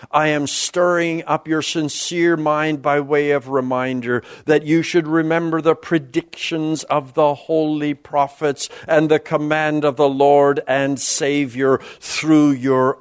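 A man delivers a sermon in a high voice at an unhurried pace. He reads scripture aloud and comments on it, his pitch swinging widely from high exclamations to low, quiet endings. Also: flat delivery, smooth. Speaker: preacher.

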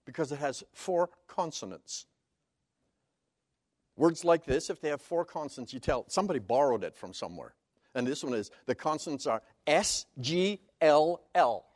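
A man's voice: a little high, darkish tone, dry recording, clean studio sound. A man preaching a sermon as Bible teaching, stressing key words emphatically and explaining Hebrew terms one by one.

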